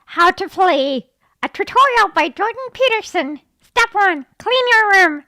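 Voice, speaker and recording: A woman voicing a high, squeaky, frog-like man who lectures in a nasal, staccato rhythm. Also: lively intonation, unhurried, sharp tone, no echo, heavily acted. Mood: mock-lecturing.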